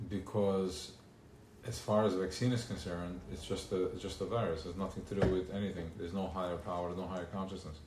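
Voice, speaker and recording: A man giving an informal religious talk at a gathering, animated and full of rhetorical questions. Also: low-pitched, a little fast. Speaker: speaker at a gathering. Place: gathering hall. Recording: echoey live room, faint noise.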